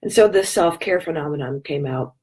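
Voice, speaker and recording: A woman speaks casually to her regular viewers in a fairly low voice. Her throat is scratchy and her voice is fading, so she stops to clear it now and then. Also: a little fast, a little mellow. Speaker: wellness talk host. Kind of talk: casual daily talk to viewers. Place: hotel room.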